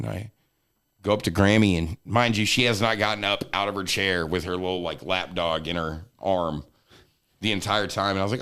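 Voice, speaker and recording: A man is spinning a casual, comic story as a podcast guest. He is animated and laughs through his lines. He swears casually. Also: sits low, brisk, smooth.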